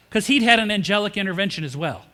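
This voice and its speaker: A male pastor with a very high, bright voice preaches a humorous storytelling sermon and asks his congregation questions. His voice rings out with a long reverb through the church sanctuary. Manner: humorous storytelling, acts out quoted characters.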